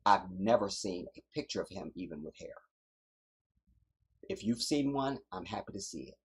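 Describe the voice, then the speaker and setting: A man's voice: deep voice, expressive, moderate pace, slightly rough. A man hosting a livestream, giving emphatic, preachy commentary and repeating his points for effect. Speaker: livestream host.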